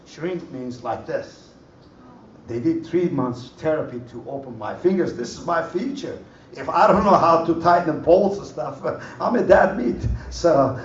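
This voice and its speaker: Man, animated testimony, slightly high voice, roomy hall, distant dull mic. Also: a little hiss or hum. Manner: animated storytelling, broken English, laughs often. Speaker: church member giving testimony. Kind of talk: personal testimony at a church conference. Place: conference hall.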